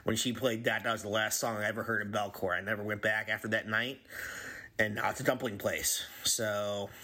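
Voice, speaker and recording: A man in his forties giving an earnest, halting recorded message about a favorite memory as a longtime member of a music community. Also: on the low side, level tone, pushed and bright. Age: 40s.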